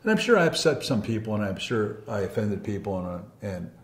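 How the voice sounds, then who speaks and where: A man's voice: lowish voice, big pitch swings, fairly quick, reverberant. A man who once led encounter groups, recalling the past in a rambling, heartfelt and apologetic way, restarting his sentences often. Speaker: former encounter group leader. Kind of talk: reflective personal recollection.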